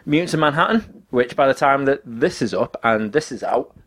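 An animated podcast co-host tells stories in casual chat, loudly acting out quotes in a mid-range voice at a moderate pace.

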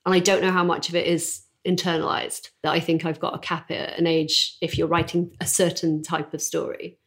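A woman's voice: lowish voice, flat delivery, moderate pace. A woman, speaking as a guest author on a podcast, frank and chatty, laughing often. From Doncaster, England. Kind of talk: candid podcast conversation.

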